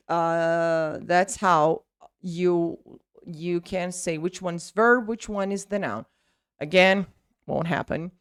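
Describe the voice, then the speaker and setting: Woman, English teacher, slow and melodic, dry close sound. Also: lowish voice, smooth, dry recording. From Brazil. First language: Portuguese. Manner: slow, drawn-out model words. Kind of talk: pronunciation lesson.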